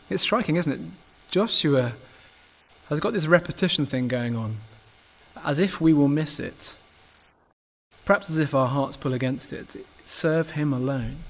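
A man delivers a sermon in a church with earnest emphasis. His voice sits a touch higher than most men's, and he leans hard into key phrases, occasionally restarting a word. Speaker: preacher.

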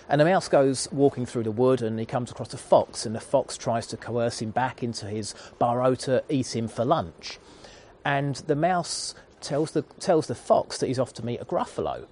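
A man's voice: mid-range voice, a little mellow, a little hiss or hum. A man in his thirties preaching a sermon, retelling a children's story in an earnest storytelling manner.

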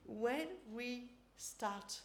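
Woman preacher leading prayer, slow and earnest, roomy echo. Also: on the high side, slight background noise. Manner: unhurried, earnest, drops to soft prayer. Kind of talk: sermon and guided prayer. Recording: echoey room with faint ambience.

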